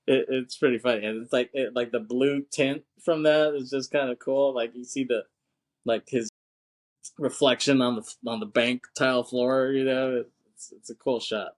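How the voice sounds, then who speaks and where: A podcast co-host talks about a film in a laid-back, slangy way, swearing and laughing a lot. His voice is mid-range and his pace unhurried.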